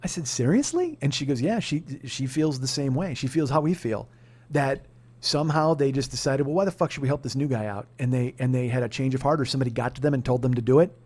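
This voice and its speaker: A man in his forties hosting a comedy podcast, telling a long story in a casual, profane way that often climbs into shouted rants. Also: medium pitch, lively intonation, fast, husky. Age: 40s. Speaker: podcast host.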